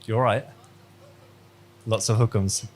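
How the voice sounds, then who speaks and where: A man's voice: fairly low pitch, steady tone, takes it slowly, a little mellow. Man, religious teacher on a video call, chatty question-asking style. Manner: conversational, quizzing students, storytelling. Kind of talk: online class lesson.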